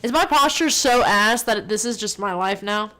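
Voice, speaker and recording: A woman streamer chatting casually to her viewers, rambling, excitable and full of swearing. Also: medium pitch, normal speed. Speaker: livestreamer. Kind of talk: casual livestream chat.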